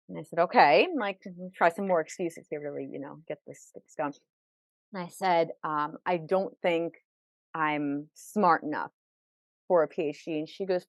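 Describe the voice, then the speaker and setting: A woman's voice: on the low side, brisk, no room sound. A woman who is a podcast guest, telling her life story vividly with quoted dialogue. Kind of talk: personal storytelling in an interview.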